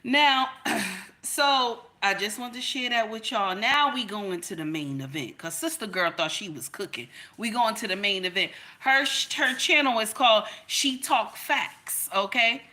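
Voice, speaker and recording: A woman's voice: medium pitch, lively intonation, unhurried, pushed and bright. A woman hosting a reaction video, giving casual commentary in an emphatic, preachy way that repeats phrases for effect.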